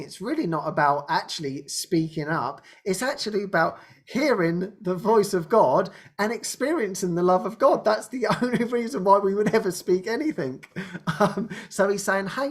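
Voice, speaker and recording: Halting, laughing man hosting a spiritual talk. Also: high voice, lively intonation, breathy edge. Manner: halting restarts, laughs often, acts out quoted speech. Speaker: host.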